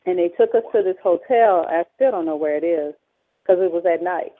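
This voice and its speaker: A woman telling her story as a radio guest, acting out past dialogue with sharp emphatic peaks. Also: lowish voice, a little fast. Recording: tinny phone line.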